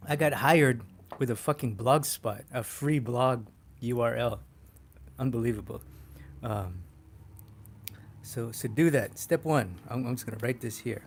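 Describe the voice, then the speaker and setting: Male art instructor on a livestream, mid pitch, excitable and profane. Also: unhurried, long pauses. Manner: excitable, swears casually, laughs often. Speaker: poster artist teaching a livestream. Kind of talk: casual livestream tutorial.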